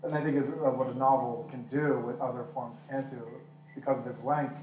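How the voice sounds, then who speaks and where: A man's voice: medium pitch, flat delivery, a little fast, a little mellow. A male interviewer offering thoughtful, agreeable remarks in a casual talk about a novel. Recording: roomy hall from far off, faint noise.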